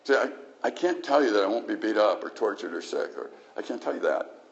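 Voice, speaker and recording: A man's voice: on the low side, animated, brisk, vocal fry, dull audio. A male pastor preaching a sermon in an emphatic, conversational way with frequent restarts.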